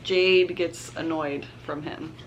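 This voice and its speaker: Young woman, casual vlogger, lowish voice, light hiss behind. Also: fairly even intonation, takes it slowly, highs cut off. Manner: chatty, says "y'all", laughs often. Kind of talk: casual chat to camera.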